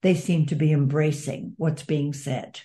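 A woman's voice: low voice, steady tone, unhurried, mellow. A woman guest in an interview, talking in an earnest, reflective way. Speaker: guest author and advocate. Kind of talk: interview conversation.

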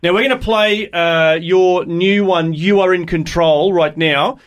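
A man's voice: high voice, steady tone, a little slow. A man hosting a radio show, upbeat and chatty. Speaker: radio host. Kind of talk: casual radio chat.

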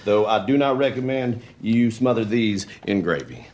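An actor playing a folksy, cheerful American football coach in a TV comedy, friendly and drawn-out in his talk. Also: fairly low pitch, animated, darkish tone, slight background noise, natural voice. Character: folksy upbeat American football coach, man, middle-aged. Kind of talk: TV comedy dialogue.

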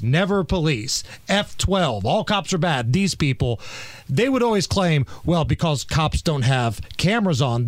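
A man's voice: high voice, dry recording. A man hosting a talk radio show, blunt and indignant, with a sarcastic edge.

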